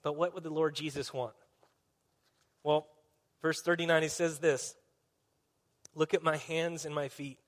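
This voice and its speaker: A man's voice: a little high, steady tone, a little slow, long pauses. A man as a pastor, preaching a sermon in an earnest, conversational storytelling way.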